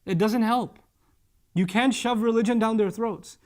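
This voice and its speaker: A male preacher giving a religious talk on parenting, speaking earnestly, repeating key phrases for emphasis and reciting Arabic scripture quickly. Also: sits high, a little mellow. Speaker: Islamic preacher.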